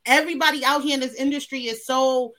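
High, bright-voiced hype interviewer woman. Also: steady tone, fast. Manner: enthusiastic, hyping up the guest. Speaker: podcast co-host. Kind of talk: casual interview chat.

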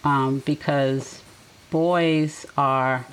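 A woman in her forties, an empty nester, talking in a reflective, gentle way and offering advice in a casual conversation. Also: extremely low pitch, steady tone, very slow, smooth, poor audio. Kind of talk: casual chat.

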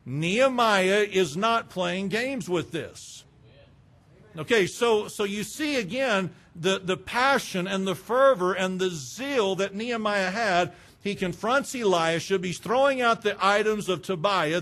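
A man preaching a sermon, fervent and emphatic, breaking into loud bursts. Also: sits high, expressive, a little slow.

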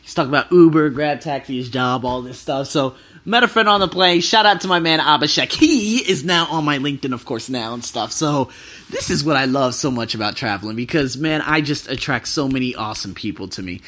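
A thirty-year-old man, a travel vlogger, telling stories casually and excitably, swearing freely. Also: medium pitch, fairly quick. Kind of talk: casual storytelling.

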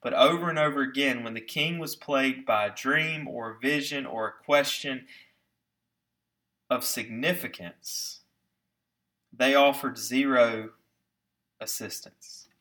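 A man preaching a sermon with emphasis, slowing down to stress key words and putting rhetorical questions to his listeners. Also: medium pitch, bright, forceful tone. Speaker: pastor.

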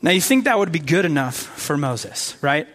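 A man's voice: on the high side, sing-song, normal speed, fairly bright tone. A man preaching a casual, conversational sermon with enthusiasm, full of fillers and repeated words.

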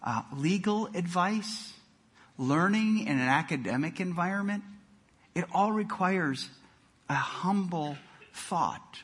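A man preaching a sermon, telling jokes and stories with animated emphasis and frequent repeated words. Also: on the high side, breathy edge. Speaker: pastor.

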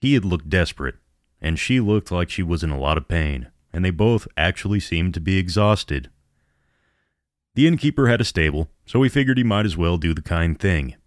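A man narrating a horror story in a measured storytelling manner. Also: deep voice, lively intonation, dry recording, studio quality.

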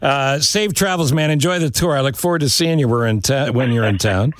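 A man's voice: medium pitch, a little fast, no room sound. A middle-aged man hosting a podcast, joking with a guest and then reading a jokey, promotional wrap-up. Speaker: podcast and radio host. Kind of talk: casual interview and show outro.

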